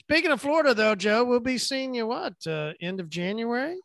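Easygoing high-voiced male host. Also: lively intonation, a little fast, gravelly, a bit bright, no echo, clean studio sound. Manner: easygoing, asks guests questions. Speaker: podcast host. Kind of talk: casual chat.

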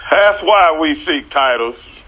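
A man talking like a preacher on a church talk show, animated and repeating his words as he builds up. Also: on the high side, takes it slowly, dull audio.

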